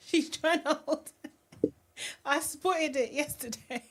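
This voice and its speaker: A woman's voice: high voice, takes it slowly, noisy background. A young woman hosting a casual live recap, chatty and giggly, reading viewer comments aloud. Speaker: live-stream host.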